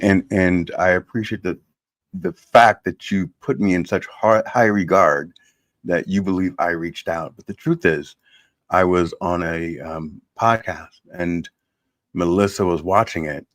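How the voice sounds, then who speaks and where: A man guest in a casual chat, modest and halting in how he speaks. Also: deep voice, dry recording.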